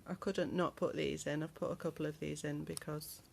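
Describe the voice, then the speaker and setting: A crafter shows her handmade travel journal in a laid-back show-and-tell vlog, speaking with a deep, darkish voice, vocal fry, and little pitch movement. She's chatty and in no rush, with many ums throughout.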